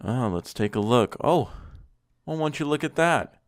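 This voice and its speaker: A man's voice: medium pitch, expressive, measured pace. A man giving casual comedic commentary on car mods, sarcastic and mock-complimenting, swearing freely.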